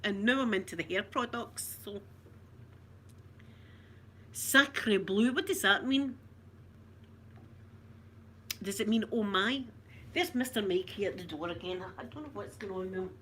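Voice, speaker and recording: A woman's voice: mid-range voice, normal speed, pauses often, fairly bright tone, a little hiss or hum. A Scottish woman from Scotland in casual live chat, talking to viewers, laughing often and reading out their comments. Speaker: vlogger.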